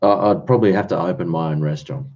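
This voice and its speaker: Low-voiced man, chatty stream host. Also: fast talker, darkish tone, muffled recording. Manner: chatty, rambling, answers chat comments. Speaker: livestream host. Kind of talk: casual chat with viewers.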